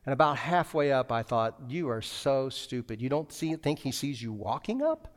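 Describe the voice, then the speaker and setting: A man's voice: medium pitch, sing-song, normal speed. A man preaching a sermon as a pastor, telling a personal story with lots of restarts and acted-out dialogue.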